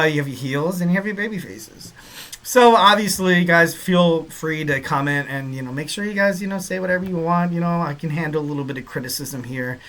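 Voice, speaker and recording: High-voiced and sharp in tone, a Southern Californian podcast host chats about wrestling casually and upbeat, rambling along with plenty of fillers and repeated catchphrases.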